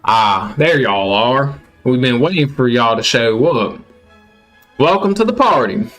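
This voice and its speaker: A man's voice: medium pitch, animated, measured pace, a bit bright, faint music behind. A man voicing a hospitable old country father in a put-on Southern US drawl, folksy and drawling.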